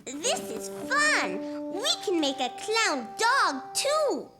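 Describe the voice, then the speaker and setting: A high, childlike little boy in a preschool cartoon, his lines slow and swinging up and down with excitement. Playful and eager, speaking over loud children's music. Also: full character voice. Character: cheerful four-year-old boy, curious and eager. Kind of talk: cartoon voice acting. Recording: music underneath.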